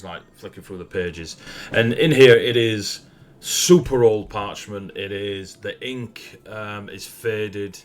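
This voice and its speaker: Deep-voiced Northern English game master. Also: male voice. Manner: laid-back, laughs often, rambling with fillers. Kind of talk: narrating a tabletop game.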